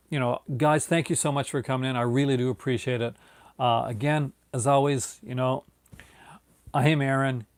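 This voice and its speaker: A man's voice: medium pitch, no echo. A tired man hosting his own video, chatting casually and rambling with many fillers and restarts. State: tired, yawning. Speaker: video host. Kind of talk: casual late-night video chat.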